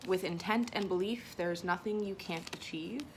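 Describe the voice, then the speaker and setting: In an at-home unboxing vlog, a woman reads affirmation cards in a lowish voice at normal speed, with a little hiss or hum behind her. She sounds emotional and self-conscious, a bit teary from crying, occasionally soft and tearful.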